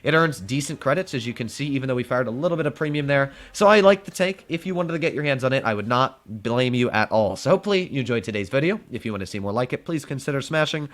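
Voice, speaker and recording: A man's voice: medium pitch, animated, quick pace, hardly any pauses. A man giving casual gameplay commentary as a gaming channel host, chatty and playful, talking to his opponents as he plays. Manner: chatty, playful, talks to enemies while playing.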